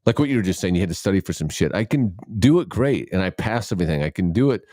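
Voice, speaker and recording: Low-voiced man in rambling podcast chat. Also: animated, fast talker, mellow, no echo, studio quality. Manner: rambling, self-interrupting, swears freely. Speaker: podcast co-host. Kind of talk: casual chat.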